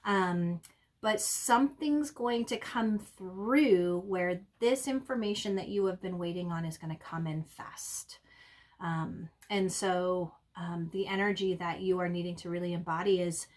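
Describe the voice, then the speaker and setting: A woman giving an intuitive tarot reading, talking in a halting way with many ums and restarts. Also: fairly low pitch, a little mellow. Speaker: tarot reader.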